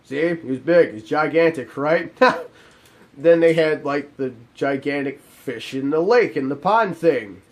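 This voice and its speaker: Male game reviewer, fairly high pitch, animated sarcastic rant. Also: measured pace.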